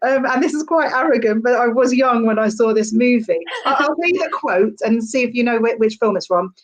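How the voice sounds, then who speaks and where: Woman, stand-up comic, casual podcast chat, rambling, fairly high voice. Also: brisk, crowd noise. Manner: chatty, rambling with fillers. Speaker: stand-up comedian, podcast guest.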